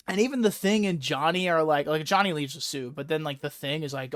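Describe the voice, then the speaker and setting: A man hosting a casual chat, talking fast and excitably, swearing and acting out characters' lines, his throat a bit sore. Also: a little high, no room sound, studio quality. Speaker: podcast host.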